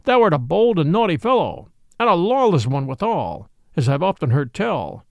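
A man's voice: fairly high pitch, big pitch swings, moderate pace, gravelly, no echo. A man doing a stern, proud disguised king. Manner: stern, formal old-fashioned speech.

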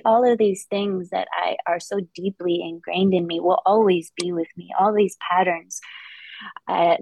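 Brief: candid woman guest, low gravelly voice, dry close sound. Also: a little mellow, no room sound, low-quality recording. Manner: reflective, openly vulnerable, halting restarts. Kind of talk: candid interview conversation.

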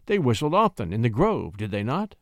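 A man's voice: mid-range voice, sing-song, brisk, no room sound, studio quality. A man voicing a melancholy, weary king who muses wistfully. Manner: wistful, lingering musing. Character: melancholy brooding male king, dreamy and weary.

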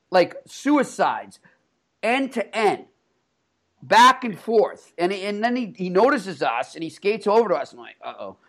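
A man co-hosting a podcast, telling animated stories about a hockey player with lots of laughter and restarts. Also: high-pitched. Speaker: podcast co-host, hockey reporter. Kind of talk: casual storytelling chat.

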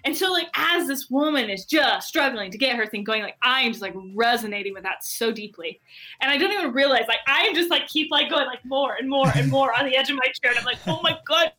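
High bright excitable woman storyteller. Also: fast. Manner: excitable, heavy use of "like". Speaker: guest entrepreneur. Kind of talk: animated storytelling.

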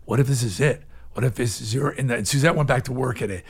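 A man in his sixties, a guest in an interview, telling his story in a candid, animated way, from loud, emphatic bursts down to low, hushed asides. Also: quick pace, gravelly, slightly rough.

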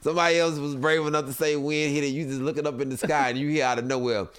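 A man telling a funny story in casual chat, animated and laughing often, acting out other people's voices. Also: a little high, fast talker, smooth, no room sound. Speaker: comedian guest. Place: home studio.

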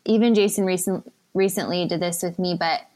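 A woman in her thirties, a podcast guest, telling a candid personal story in a chatty way, full of fillers and soft laughs. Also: on the low side, fairly even intonation, fairly quick.

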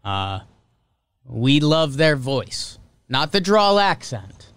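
A young man hosting a casual sports podcast, chatty and opinionated, with quick asides. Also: medium pitch, very animated, fairly bright tone, clear, resonant tone, no room sound. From American North. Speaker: podcast host.

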